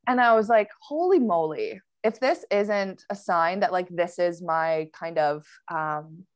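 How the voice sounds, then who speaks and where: A woman guest on a podcast, telling a personal story in a casual, animated way with many fillers and quick laughs. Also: on the low side, smooth, no echo.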